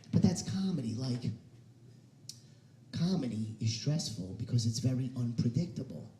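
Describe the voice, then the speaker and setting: A man doing a stand-up comedy set on a stage in a hair salon, animated and swinging into loud shouted punchlines. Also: medium pitch, moderate pace, background noise. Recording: roomy echo of a live room.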